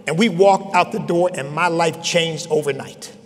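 A man's voice: fairly high pitch, normal speed, noisy background. An older man giving a personal testimony as a bishop, telling his story in a sermon that builds to emphatic peaks. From Chester, Pennsylvania. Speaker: bishop preaching. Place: large conference hall. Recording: long hall reverb.

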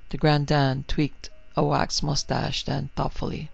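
A man reading a horror story in a steady, vivid narrating voice. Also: a little high, measured pace, gravelly, few pauses, dry recording. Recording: dry, slightly muffled recording.

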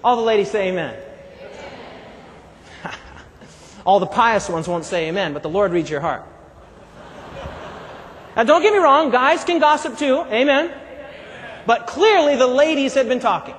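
A man's voice: extremely high pitch, lively intonation, a little slow, long pauses, a little hiss or hum. A man preaching a sermon who keeps calling out to his congregation for answers and amens. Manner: calls out to the congregation for responses. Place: church hall. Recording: long reverb of a large hall.

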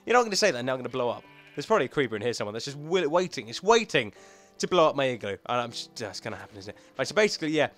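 A young man talking to himself as he plays a video game, rambling and excitable, thinking aloud as he goes. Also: mid-range voice, rapid-fire, faint music behind. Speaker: gaming YouTuber. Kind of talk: let's play commentary.

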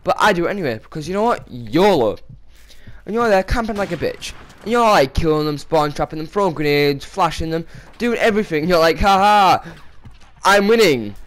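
Over gameplay, a young gaming commentator rants in a casual, exasperated way, swearing and breaking into sudden outbursts. His voice sits on the high side, and he speaks briskly and expressively.

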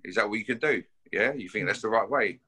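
Blunt, swearing man with a bright edge. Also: on the low side, quick pace, breathy edge. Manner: blunt and combative, swearing, keeps tagging "yeah?" and "mate". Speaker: bare-knuckle fighter issuing a challenge. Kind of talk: confrontational call-out to camera.

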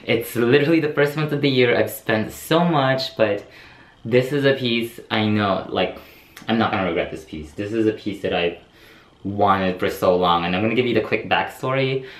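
A man's voice: fairly low pitch, moderate pace. A young man filming a casual unboxing vlog, gushing and breathless, repeating himself and trailing off mid-sentence. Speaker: vlogger unboxing a handbag. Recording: echoey room with faint ambience.

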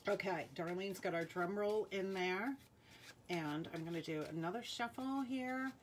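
Rhode Island woman hosting a live jewelry sale; unhurried, friendly chatter, calls out names and cards, faint room hum. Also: medium pitch. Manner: chatty, reads out viewer names and playing cards. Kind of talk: live-stream sales chat.

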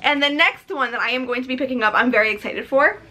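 A woman's voice: high-pitched, quick pace, pushed and bright, slight background noise. A woman talking casually in a book vlog, chatty and effusive, with lots of fillers. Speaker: book vlogger.

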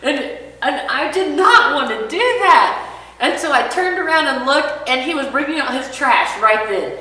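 A woman with a bright, fairly high voice tells a personal story to her church class, acting out each line of dialogue. She sounds distant from the microphone, and the room around her rings with long reverb. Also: expressive, moderate pace.

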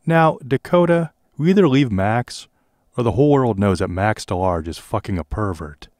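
A man's voice: sits low, lively intonation, a little fast, darkish tone, dry recording, studio quality. A man reading aloud, voicing a jealous young woman who talks in a stern, threatening way. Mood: taunting.

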